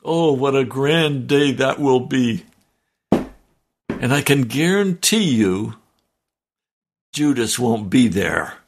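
Slow, gravelly male preacher. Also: medium pitch, lively intonation. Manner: fervent, slow and emotional, reading scripture aloud. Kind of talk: sermon.

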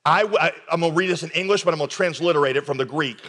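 A man's voice: fairly high pitch, very fast. Emphatic male pastor preaching in a reverberant hall. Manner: emphatic, swinging from quiet intensity to raised urgency. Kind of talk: recorded sermon. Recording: long reverb of a large hall.

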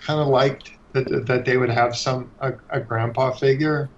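A man chatting casually on a podcast about his own comic, relaxed, with lots of restarts and fillers. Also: mid-range voice, normal speed, a little hiss or hum. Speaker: comic book creator. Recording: dull lo-fi sound.

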